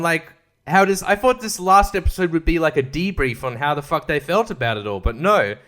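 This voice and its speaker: A man's voice: a little high, expressive, fairly quick, fairly bright tone. A man hosting a podcast, ranting casually and exasperatedly about a TV finale, swearing and mimicking the characters. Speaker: podcast host.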